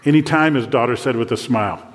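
Older guy preaching a sermon, earnest, goes quiet n hushed for prayers, echoey hall. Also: mid-range voice, normal speed. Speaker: pastor.

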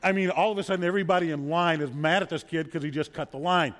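Earnest preacher man, slightly high voice. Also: steady tone, fast talker, a bit bright. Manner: earnest, storytelling, repeats words when emphatic. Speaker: pastor. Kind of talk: sermon. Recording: long hall reverb.

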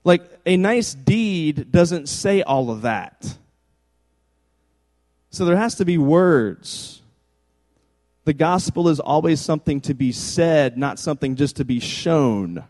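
A man delivers a sermon as pastor, chatty and joking rather than formal. His voice sits a bit high for a man. It rings out in a large hall with a long echo tail. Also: animated, takes it slowly, a little mellow. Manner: conversational, joking asides.

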